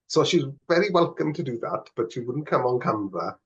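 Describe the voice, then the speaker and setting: A man chats casually as a podcast co-host, laughing often and tripping over his words. His voice sits at an ordinary pitch. The audio is slightly dull and lo-fi. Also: lively intonation, fairly quick. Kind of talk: casual chat.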